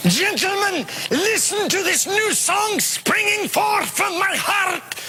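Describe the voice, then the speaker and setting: A wild, shrieking Martin Luther. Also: male voice, very high-pitched, lively intonation, slow, background noise, full character voice. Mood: ecstatic. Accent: put-on Scottish. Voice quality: wild shouting. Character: shouting eager young monk Martin Luther. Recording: distant, music behind.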